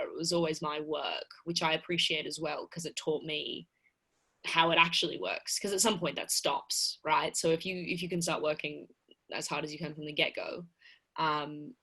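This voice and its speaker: Bright-voiced young woman. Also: on the low side. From Australia. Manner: earnest, animated, with frequent restarts. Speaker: actress interviewee. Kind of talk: casual press interview.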